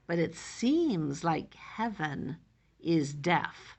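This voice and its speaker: A woman's voice: low-pitched, animated, measured pace, gravelly. A woman teacher walking a class through a poem line by line, putting each line into plain everyday words. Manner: explains line by line, paraphrasing in plain everyday speech. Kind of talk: classroom lesson explaining poetry.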